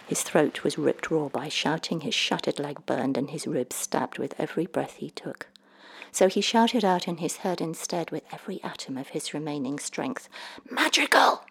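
Low, gravelly woman reading a storybook. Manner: measured, expressive, dropping to near-whispers at tense moments. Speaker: narrator. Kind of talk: storybook narration.

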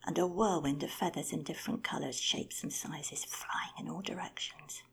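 A woman telling an animal fable in a whispered, expressive storytelling voice. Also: deep voice, vocal fry, slightly rough. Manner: lively, expressive narration.

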